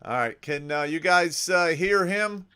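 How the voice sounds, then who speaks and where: A man hosting a casual livestream podcast, speaking slowly in an unhurried drawl. His voice sits a little high and comes through smooth and clean. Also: lively intonation, bright, forceful tone. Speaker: podcast host.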